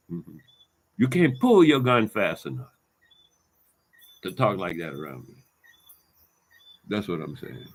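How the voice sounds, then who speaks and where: A man delivering an angry, profane monologue to his viewers, ranting emphatically, repeating himself and swinging between loud bursts and low muttering. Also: wildly swooping pitch, measured pace, creaky, pauses often, slightly rough. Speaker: vlogger.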